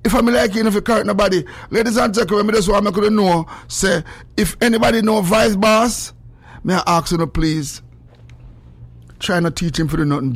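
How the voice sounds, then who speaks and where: A man with a Jamaican accent hosting a gospel radio show, chatting excitedly and slipping into sing-song. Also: sits high, a little fast. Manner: excitable, breaks into sing-song, loud exclamations. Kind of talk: casual radio chat.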